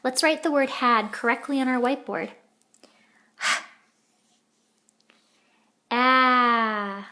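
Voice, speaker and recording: A woman's voice: sits high, extremely slow, long pauses, pushed and bright. A woman teaching a children's editing lesson, patiently sounding out letters and words.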